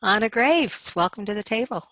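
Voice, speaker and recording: A woman's voice: medium pitch, animated, moderate pace, a bit bright, no room sound. A woman hosting a video-call reunion, introducing speakers in a brief, informal way. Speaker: host.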